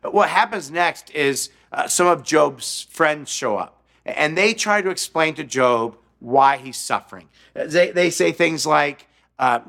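A man's voice: on the high side, slow pace, creaky, fairly bright tone. A man preaching a sermon, telling stories and acting out the quotes and jokes in them. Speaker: pastor.

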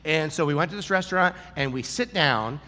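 Pastor, male, slightly high voice, lively joking storyteller, sermon in a reverberant church hall. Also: brisk. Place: large church hall with audience.

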